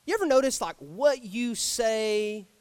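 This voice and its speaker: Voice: mid-range voice, a little slow, clear, resonant tone, no echo. A preacher delivering an emphatic Sunday sermon in church and acting out the lines they quote. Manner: animated, emphatic, acts out quotes. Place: church sanctuary.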